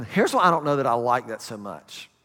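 A man's voice: medium pitch, sing-song, normal speed, pushed and bright, in a large hall. A man preaching a sermon as pastor, talking in a conversational way and asking the congregation questions.

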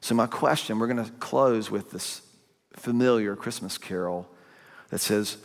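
A man preaching a sermon in a conversational, animated way, breaking into sudden loud bursts. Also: on the low side, normal speed, creaky. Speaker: pastor. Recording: long hall reverb.

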